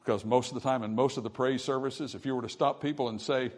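A man preaching a sermon, his voice swelling loud and dropping soft, with scripture read aloud in old-style wording. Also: mid-range voice, steady tone, fast. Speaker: pastor.

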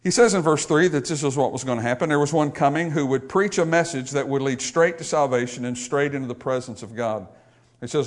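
A pastor delivers a sermon to his congregation a little fast, swinging between loud, raised exhortation and quiet, low asides. He addresses the people directly with calls and frequent questions.

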